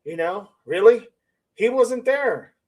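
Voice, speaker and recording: A man with a fairly high voice hosts a live-stream commentary. He talks skeptically, circling back to the same points and throwing out rhetorical questions. Now and then he reads comments from viewers aloud. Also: animated, takes it slowly, a little mellow, poor audio. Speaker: channel host.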